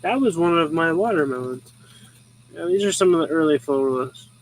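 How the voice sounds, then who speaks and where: A man's voice: a little high, expressive, moderate pace, a little hiss or hum, poor audio. A young man hosting a show, chatting casually and chuckling as he rambles through his old photos. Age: young adult. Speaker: host. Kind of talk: casual chat showing photos. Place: rural home.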